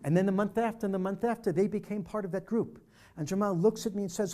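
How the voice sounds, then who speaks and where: An older man with a high-sitting, steady, dark-toned voice speaks fast at a church presentation on peace dialogue. He tells a personal story, vividly acting out the dialogue he recounts.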